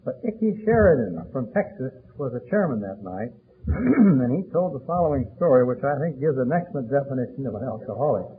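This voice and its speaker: A man's voice: medium pitch, sing-song. Elderly male speaker, storyteller, old lo-fi phone-band recording, faint hiss. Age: 80s. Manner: storytelling, chatty and deliberate with frequent fillers. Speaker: speaker sharing his story. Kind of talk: recovery meeting talk.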